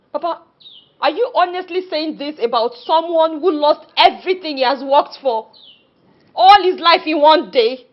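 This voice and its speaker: An actress with a Nigerian accent playing a young woman who wails and pleads over her fiancé's ruin, in a Nollywood drama. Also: sits high. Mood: indignant. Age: young adult. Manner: wailing, pleading, repeats herself. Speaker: grown daughter. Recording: dull film audio with music behind.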